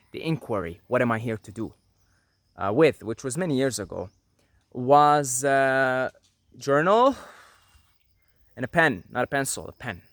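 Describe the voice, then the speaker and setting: A man's voice: mid-range voice, fairly bright tone, no room sound. A man hosting a spiritual teaching video, talking earnestly to camera and repeating points for emphasis. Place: apartment at night.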